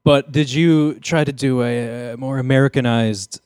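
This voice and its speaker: A man's voice: medium pitch, steady tone, moderate pace, darkish tone, clean tone, no room sound. Wry male podcast host. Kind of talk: comedic podcast banter. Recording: dry close studio mic.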